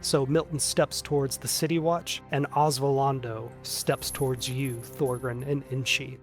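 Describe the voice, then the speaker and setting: A man's voice: mid-range voice, little pitch movement, measured pace, faint music behind. Casual male game master narrating. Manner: casual, frequent "like" fillers.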